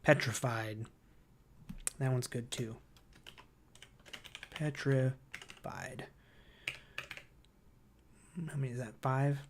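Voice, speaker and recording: A man hosting a livestream who reads viewer comments aloud and thinks out loud, hesitant and full of fillers, easily excited by ideas. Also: mid-range voice, normal speed, pauses often, a little hiss or hum. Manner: enthusiastic about ideas. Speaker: livestream host.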